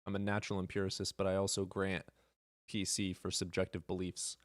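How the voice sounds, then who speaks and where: A man's voice: low voice, completely flat delivery, a little fast, no echo, clean studio sound. A man hosting a live stream, chatting casually with his chat in a blunt, sarcastic and profane way.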